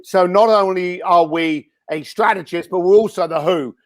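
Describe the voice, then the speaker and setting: High-voiced blunt man, a bit hoarse. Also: normal speed. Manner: blunt, energetic, many fillers and restarts. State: hoarse, losing his voice. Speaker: guest speaker and entrepreneur. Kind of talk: casual interview answers.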